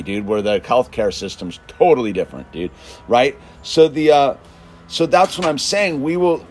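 A man ranting in a casual monologue, emphatic and constantly saying "dude", swinging between loud bursts and low mutters. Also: husky. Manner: emphatic, peppers speech with "dude". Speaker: show host.

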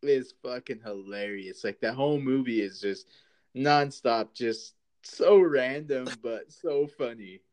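A man's voice: medium pitch, unhurried, a little mellow. A man co-hosting a podcast in casual chat, laid-back and agreeable, swearing now and then. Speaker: podcast co-host.

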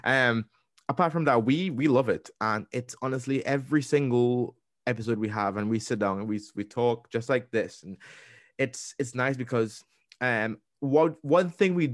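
A young man co-hosting a podcast, chatting in a lively way, acting out what people said and restarting his sentences. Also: mid-range voice, no room sound, clean studio sound. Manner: animated storytelling, acting out quotes with restarts. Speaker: podcast co-host. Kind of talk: casual interview chat.

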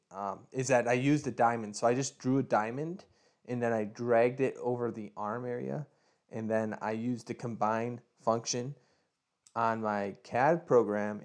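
A man co-hosting a casual podcast, joking around and explaining his project step by step. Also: mid-range voice. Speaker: podcast co-host.

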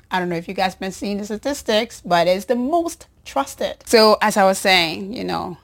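Casting: unhurried woman nurse host, heartfelt rambling storyteller, breathy asides. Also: mid-range voice. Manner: emotional, warm-hearted, rambling with restarts and soft laughs. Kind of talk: personal storytelling to an audience.

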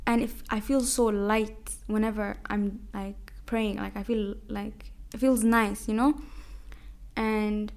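A woman's voice: medium pitch, steady tone, slow pace, creaky, a little mellow. A young woman hosting a podcast, telling a personal story in a casual, chatty way, with Arabic religious phrases mixed into her speech. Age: young adult. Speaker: podcast host. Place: home, a cat heard nearby.

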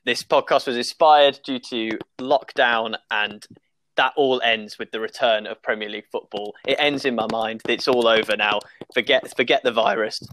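Upbeat podcast host, dry sound. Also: male voice, medium pitch, normal speed, a bit bright, no room sound. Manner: upbeat, joking and teasing. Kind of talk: casual chat.

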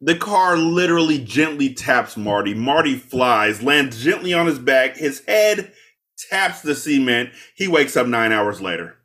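Podcast host guy, bright voice, bouncy, retells scenes w/ goofy voices. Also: medium pitch, big pitch swings, a little slow. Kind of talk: casual chat.

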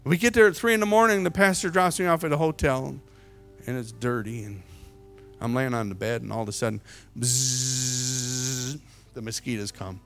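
Man, evangelist sermon, storytelling, middle pitch, faint background music, loud to hushed. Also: a little fast, gravelly. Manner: repeats words and restarts often.

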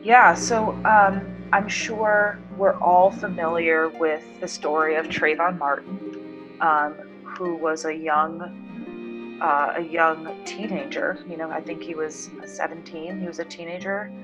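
A woman in her thirties, a doctoral student, telling a personal story in an interview in an earnest, measured way, pausing to choose her words. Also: low voice, fairly even intonation, lo-fi sound, over music.

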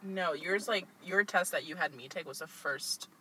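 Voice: medium pitch, moderate pace, breathy edge, low-quality recording. A co-host from California with a Californian accent, chatting casually and ending phrases on a rise. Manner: lively and expressive, laughs easily, rising endings. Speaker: podcast co-host. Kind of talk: casual chat.

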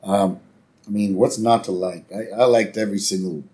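A man's voice: on the low side, steady tone, normal speed, dark tone. A man co-hosting a podcast, casually chatting about a cartoon episode. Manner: easygoing, quotes characters in raised voices. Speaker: podcast co-host.

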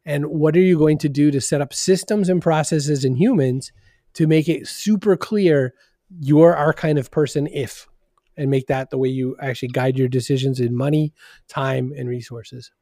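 Middle-aged male guest, slightly high, mellow voice; animated, acts out quotes. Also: moderate pace, no echo, studio quality. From Maine. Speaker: podcast guest, marketing consultant. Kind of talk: conversational interview.

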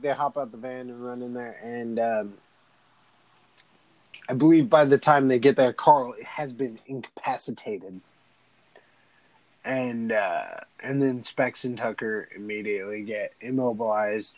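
A man's voice: medium pitch, a little slow, darkish tone, dry recording, poor audio. A young man casually recapping a movie in a rambling, laid-back way, swearing often.

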